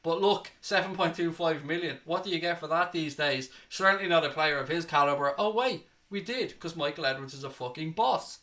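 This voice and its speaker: A man's voice: on the high side, normal speed, few pauses. Breathless, hyped-up young man hosting. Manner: excitable, hyped, addresses viewers as ladies and gentlemen. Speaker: host of a football reaction show. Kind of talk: energetic post-match reaction.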